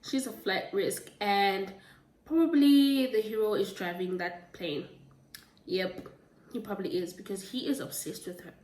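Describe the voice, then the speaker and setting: A woman's voice: mid-range voice, measured pace, darkish tone. Chatty woman in a roomy echo. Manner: chatty, rambling, stops to correct herself. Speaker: book vlogger. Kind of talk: casual book review chat. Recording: roomy, distant from the mic.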